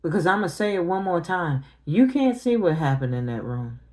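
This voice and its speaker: A woman's voice: on the low side, animated, moderate pace, darkish tone. A middle-aged woman tarot reader talking on a livestream, grieving and confronting her family directly in casual, emotional speech.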